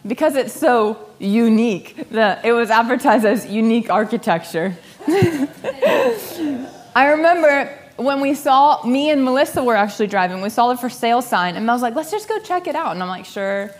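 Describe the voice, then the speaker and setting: Young woman, slightly high voice, lively storyteller who voices the people in her story. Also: moderate pace, a little hiss or hum. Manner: animated, laughing, acts out quoted voices. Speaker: speaker sharing a personal story. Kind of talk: storytelling talk.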